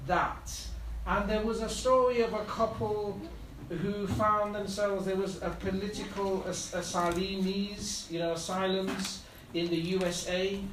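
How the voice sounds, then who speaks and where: A man preaching a sermon, speaking slowly and building to fervent repeated appeals, at times chuckling at his own jokes. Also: high-pitched, a little hiss or hum. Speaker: pastor. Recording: echoey hall, heard from a distance.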